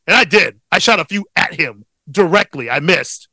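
A young man co-hosting a podcast, telling a long story in a profane, rambling, animated way. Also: high voice, normal speed, no room sound. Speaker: podcast co-host. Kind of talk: casual storytelling chat.

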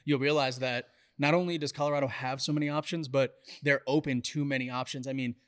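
A man from New York co-hosting a casual podcast chat, upbeat and quick to agree. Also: medium pitch, fairly even intonation, fairly bright tone. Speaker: podcast co-host.

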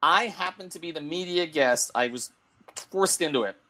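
A middle-aged man telling a long anecdote in casual talk-show chat, animated and laughing, with many restarts. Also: on the high side, normal speed. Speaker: sports columnist and show host.

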